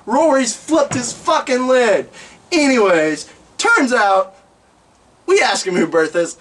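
A man's voice: very high-pitched, slow, recorded from a distance. A man vlogging comic stories, cursing freely and acting out the people in them. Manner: profane, animated, acts out the people in his stories. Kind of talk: comic storytelling.

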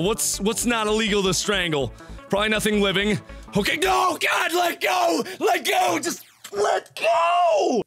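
A young male let's play host with a bright, edgy, gravelly voice. He rages, pleads and despairs melodramatically at a hard game, with faint music under him. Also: high-pitched. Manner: melodramatic, raging and whining at the game; pleading, chanting repeated words. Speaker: gaming video host.

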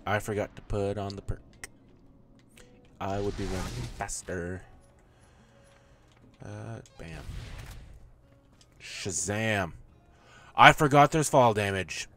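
A man's voice: lowish voice, slow, creaky, pauses often, fairly bright tone, faint music behind. A man playing a video game and joking through it, swearing and talking back at the characters. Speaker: gamer. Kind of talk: let's play commentary.

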